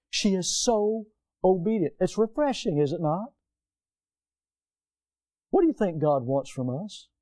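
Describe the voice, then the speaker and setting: Man, pastor, sermon, high-pitched, mellow tone, animated conversational preaching. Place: church.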